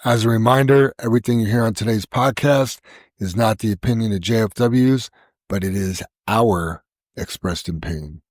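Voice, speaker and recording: A man's voice: lowish voice, moderate pace, dry recording, clean studio sound. A man hosting a casual podcast, leading a prayer and telling jokes. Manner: leads group prayer, jokey. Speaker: podcast host.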